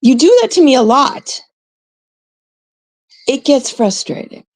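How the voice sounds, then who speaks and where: A middle-aged woman from Canada hosting her own live stream, blunt and exasperated, swearing as she talks to her chat. Her voice is dark and gravelly. It sits in a dry, close sound. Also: sits high, sing-song, slow pace, dry recording. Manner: blunt, exasperated, swears freely, quotes others mockingly. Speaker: livestream host. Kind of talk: casual live-stream rant.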